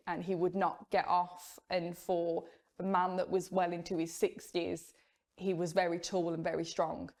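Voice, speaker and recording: A young woman candidly recounting her own life story, measured and open, with the odd rueful laugh. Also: fairly low pitch, a little mellow. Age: young adult. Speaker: former Jehovah's Witness sharing her story. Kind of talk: personal testimony.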